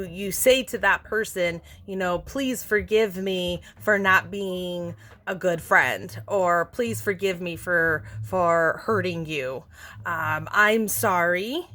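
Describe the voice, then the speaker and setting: A woman vlogger talking gently and earnestly to camera, walking through a forgiveness practice with many fillers and restarts. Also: medium pitch. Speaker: self-help vlogger. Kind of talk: casual instructional talk to camera.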